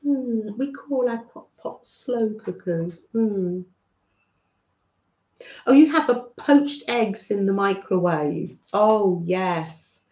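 A British woman hosting a live craft stream, chatting warmly with viewers by name and laughing softly. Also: medium pitch, takes it slowly. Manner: warm, chatty, talks to viewers by name, frequent soft laughs. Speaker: craft livestream host. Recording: roomy, slightly dull sound.

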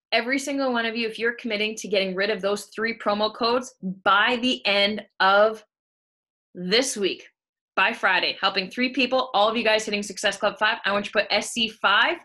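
A woman's voice: mid-range voice, bright, forceful tone. A woman leading a motivational team call, hyped and cheering her team on, swearing freely, from a room at home. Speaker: team leader of a coaching team. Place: room at home with the window open.

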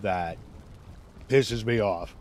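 A man's voice: fairly low pitch, drawn-out words, a little mellow. A man streaming a game live, commenting casually as he plays and grumbling and swearing when things go wrong.

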